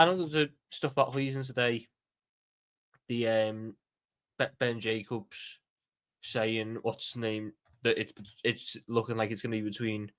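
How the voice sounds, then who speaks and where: Animated Scouse man streaming. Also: mid-range voice. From Liverpool, England. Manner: animated, swearing, repeats and restarts words. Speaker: live-stream watchalong host. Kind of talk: casual live-stream chat.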